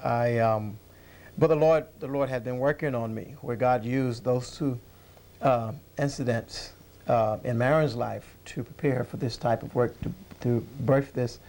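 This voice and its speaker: A man guest in an interview, recalling his past calmly with many pauses and fillers. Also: medium pitch. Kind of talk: conversational interview.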